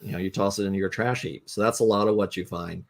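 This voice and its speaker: A man's voice: on the low side, fairly even intonation, fast talker. A man, a guest game designer, telling a rambling anecdote with lots of fillers on a casual live talk stream.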